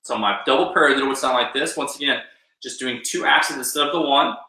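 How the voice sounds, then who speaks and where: This man teaches drums live online, calling out the count and encouraging the class as he goes. He speaks quickly at a medium pitch, sounding bright and forceful. Drums play behind him in an echoey room.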